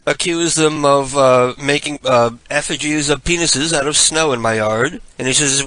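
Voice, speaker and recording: A man in his forties talks loosely to his listeners, rambling and chuckling at himself as he hosts a prank call show. His voice is bright and forceful, sitting in a middle register. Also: medium pitch, moderate pace, few pauses, dry recording, rough recording. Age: 40s. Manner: rambling, self-mocking, chuckling storyteller. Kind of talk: casual live radio monologue.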